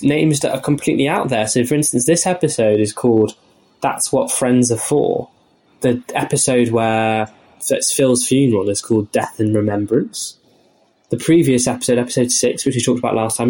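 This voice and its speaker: Young man, slight northern English accent, podcast co-host, wry chatty asides, mid-pitched voice. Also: a little mellow. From north of England. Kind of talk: casual chat.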